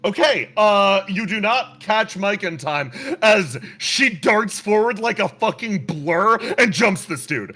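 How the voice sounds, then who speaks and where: A man's voice: sits high, big pitch swings, takes it slowly, few pauses, pushed and bright. A man running a tabletop game as game master, narrating with lots of laughter.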